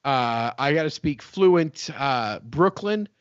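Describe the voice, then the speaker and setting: A man's voice: mid-range voice, expressive, takes it slowly, clear, resonant tone, no room sound, dull audio. A man from West Virginia co-hosting a casual podcast chat, rambling and repeating himself with frequent laughs. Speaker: podcast co-host.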